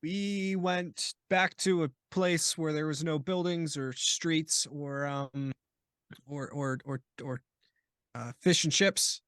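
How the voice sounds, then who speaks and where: A man taking part in a tabletop game, feeling his way through answers with halting restarts. His voice sits a little high for a man, dry and close to the mic. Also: fairly even intonation, fairly bright tone, smooth, dry recording. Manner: hesitant, stumbling, restarts. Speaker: player. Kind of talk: tabletop game role-play.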